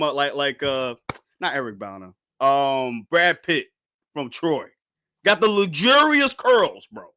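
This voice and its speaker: A man reacting to a comic chapter on stream, excited and slangy, often bursting into disbelief. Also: on the high side. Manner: animated, slangy, keeps shouting and laughing in disbelief.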